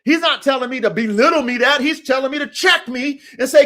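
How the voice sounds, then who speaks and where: A man hosting a podcast, giving a profane, preachy motivational monologue that swings from low mutters to shouts. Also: brisk. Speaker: podcast host.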